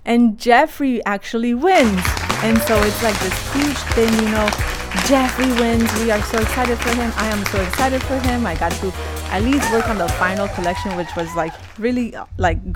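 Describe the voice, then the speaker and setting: A woman's voice: mid-range voice, normal speed, over loud music, a loud crowd. A woman fashion designer telling the story of her career in a casual, chatty way, with lots of "like" fillers. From Los Angeles area.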